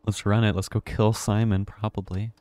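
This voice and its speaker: A man with a somewhat low voice plays a horror game on a live stream and keeps up a running, casual commentary. He reacts out loud to each turn of the game. He sounds like he is talking into a desk mic at home. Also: level tone, normal speed. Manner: chatty, reacts aloud to the game.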